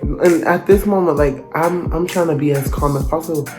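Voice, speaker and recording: A young man narrating a storytime vlog in an animated, dramatic, slangy way. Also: on the high side, normal speed, music in the background. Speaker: vlogger.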